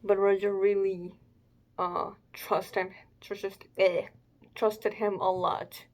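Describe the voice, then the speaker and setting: A woman's voice: medium pitch, level tone, slow, a little mellow. A young adult woman giving casual reaction commentary, thinking aloud hesitantly with fillers as she hosts her own video. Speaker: manga reaction host.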